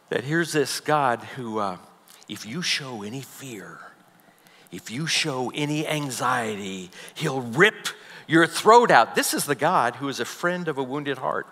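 A man preaching a sermon as a pastor, animated, swinging from loud emphasis to soft, near-whispered passages. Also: mid-range voice, a little slow, big-room sound.

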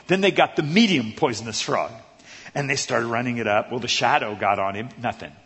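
Male preacher, husky, very lively pitch, storytelling sermon, reverberant hall. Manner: animated, acts out voices and laughs while telling stories.

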